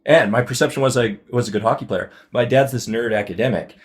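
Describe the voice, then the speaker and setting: A man in his thirties from Saskatchewan, a podcast guest chatting casually and telling animated, self-deprecating stories about his career. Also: mid-range voice, fast talker. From Saskatchewan, Canada. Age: 30s. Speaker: podcast guest, wealth advisor. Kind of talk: casual conversation.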